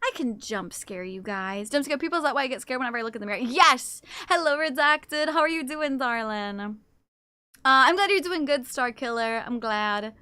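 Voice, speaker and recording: A young adult woman streaming live, chatting casually with her chat. She teases and swears and reacts quickly to what chat says. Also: high-pitched, lively intonation, bright, forceful tone, clear, resonant tone, no echo. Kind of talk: casual livestream chat, reading and answering chat.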